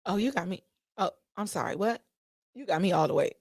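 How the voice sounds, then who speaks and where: A woman's voice: mid-range voice, expressive, fairly quick, vocal fry, slightly rough, no room sound, clean studio sound. A woman hosting a casual solo podcast, talking animatedly and sassily to her listeners, firing off emphatic rhetorical questions. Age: adult with children. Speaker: podcast host.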